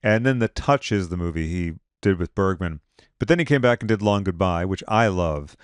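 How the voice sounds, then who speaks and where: A man's voice: low voice, lively intonation, normal speed, clear, resonant tone, dry recording. A man hosting a film podcast, giving dry, wry rundowns of an actor's filmography in casual chat. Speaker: podcast host.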